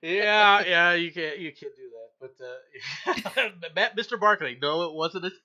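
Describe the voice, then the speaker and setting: A middle-aged show host with a high voice talks at a measured pace, telling a long story in a casual chat. He's animated, laughs often, repeats words a lot, and acts out the voices of the people he quotes. The recording is muffled.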